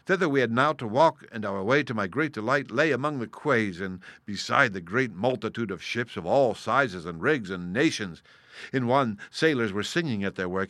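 A man reading a classic adventure novel aloud as an audiobook, in steady, measured storytelling narration. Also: medium pitch, dry recording. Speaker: audiobook reader. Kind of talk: scripted narration.

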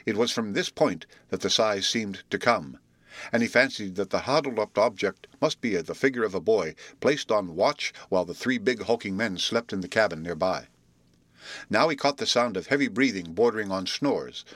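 A man calmly reading a chapter of an adventure book aloud as an audiobook narrator. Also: on the low side, no room sound. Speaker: audiobook reader. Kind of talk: storybook narration.

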